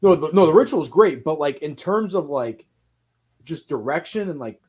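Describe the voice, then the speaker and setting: A man hosting a casual film podcast, talking in an animated way with quick asides and a lot of swearing. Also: fairly high pitch, a little hiss or hum. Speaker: podcast host.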